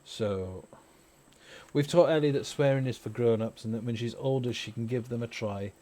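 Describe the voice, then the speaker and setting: A man's voice: mid-range voice, normal speed, warm tone. A man and parent hosting a gaming stream, chatting casually and opinionatedly with plenty of swearing. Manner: rambling, swears freely, opinionated. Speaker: gaming channel host. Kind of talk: casual chat over gameplay.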